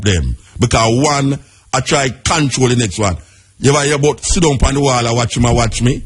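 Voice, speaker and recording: A man's voice: medium pitch, slightly rough. A Jamaican man giving an impassioned radio monologue in patois-laced speech, firing rhetorical questions at his listeners. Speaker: radio talk host. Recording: radio broadcast.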